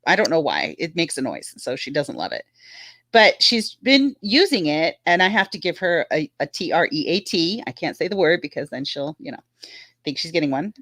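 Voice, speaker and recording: A woman's voice: deep voice, big pitch swings, moderate pace, fairly bright tone, dry recording. A woman chatting casually on a live stream, laughing often and telling stories about her dog.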